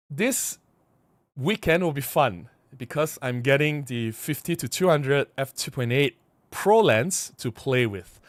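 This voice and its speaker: A man with a medium-pitched voice vlogs casually to the camera, animated and rambling, repeating words as he explains things. The recording is dry.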